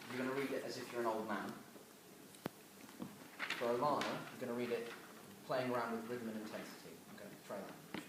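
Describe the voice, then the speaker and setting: A man's voice: mid-range voice, a little fast. Young man leading a class exercise. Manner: directive, addressing a group. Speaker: student workshop leader. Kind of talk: classroom presentation and instructions. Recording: noisy, roomy recording from far off.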